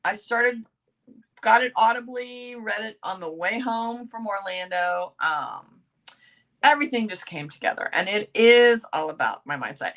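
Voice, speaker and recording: A woman's voice: mid-range voice, bright, forceful tone. A middle-aged woman hosting a casual motivational chat, talking in a rambling, self-mocking way. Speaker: host.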